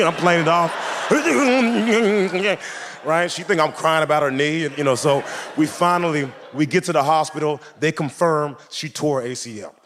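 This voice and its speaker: A young man doing a stand-up comedy routine, telling a story with animated delivery and acted-out voices on a club stage. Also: a little high. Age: 20s.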